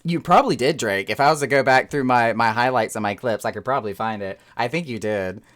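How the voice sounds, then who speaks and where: A game streamer chatting casually with live viewers, animated and quick to laugh, who trails off and repeats words while searching for them. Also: mid-range voice. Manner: animated, excitable, laughs often.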